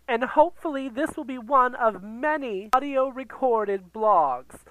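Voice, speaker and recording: A man's voice: very high-pitched, a bit bright, clean tone, no room sound, pitched above the performer's own voice, exaggerated voice, low-quality recording. A man doing a campy, dramatic drag queen persona who hosts a podcast and rants theatrically into a computer sound recorder. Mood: sign-off. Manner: theatrical, gasping, swearing, camp. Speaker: podcast host. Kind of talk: ranting podcast monologue.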